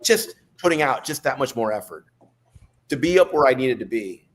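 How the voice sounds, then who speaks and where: A middle-aged American man, a former Navy SEAL guest on a podcast, telling his stories in a relaxed, rambling way. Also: medium pitch, moderate pace. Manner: relaxed, rambling storyteller with restarts. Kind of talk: storytelling in a podcast interview.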